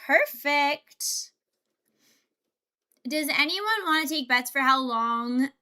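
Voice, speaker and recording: A woman's voice: high voice, animated, a little slow, bright, forceful tone. A woman livestreamer chatting casually and laughing often, thinking aloud as she builds Lego.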